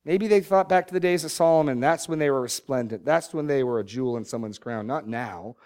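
A man's voice: mid-range voice, darkish tone. Emphatic preaching man. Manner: preaching with rising emphatic bursts on scripture; hurried asides to the congregation. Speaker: pastor. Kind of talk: sermon.

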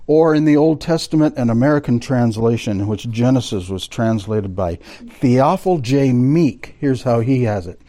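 A man's voice: medium pitch, lively intonation, moderate pace, dark tone. A man teaching a Bible study class, explaining a text and reading quotations aloud to his students. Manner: explanatory, quoting sources aloud, addressing the class directly.

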